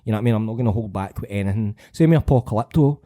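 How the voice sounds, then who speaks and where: Sweary Scottish man, mellow voice. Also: on the low side, racing. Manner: sweary, animated, rambling. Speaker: podcast co-host. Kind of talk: casual banter.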